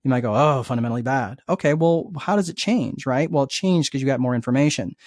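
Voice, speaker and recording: A man speaking as a guest coach, explaining ideas in an energetic, conversational way, acting out inner thoughts and often checking in with "right?". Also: medium pitch, fast talker, no echo, studio quality. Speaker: guest life coach and entrepreneur. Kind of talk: conversational teaching.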